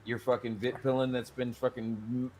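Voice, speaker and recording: A man's voice: mid-range voice, little pitch movement, moderate pace, a little mellow, slightly rough. A man co-hosting a podcast in casual chat, teasing his friend in a dry, profane way. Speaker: podcast co-host.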